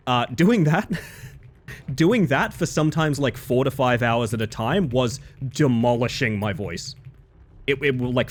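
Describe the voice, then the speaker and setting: A man streaming live, talking in a loose, rambling way and filling gaps with "like" and "you know". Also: medium pitch. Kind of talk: casual live-stream chat.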